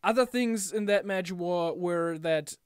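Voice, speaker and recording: Young man, casual vlog rant, high voice, smooth tone, animated. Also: a little slow, no echo, studio quality. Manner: animated, mimics wrestlers in quotes. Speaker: wrestling fan vlogger.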